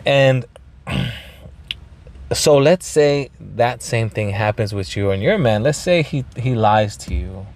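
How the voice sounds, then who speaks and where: A man hosting a podcast, telling a rambling story with lots of swearing, throat clearing and bits of Spanish. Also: mid-range voice, expressive, slow, darkish tone. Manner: mixes in Spanish phrases. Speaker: podcast host. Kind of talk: casual storytelling monologue.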